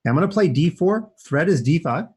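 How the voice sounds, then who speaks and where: A man's voice: on the high side, lively intonation, brisk, darkish tone, slightly rough. A man commentating his own chess games live for kids, chatty and upbeat, thinking aloud as he plays. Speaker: chess coach and streamer.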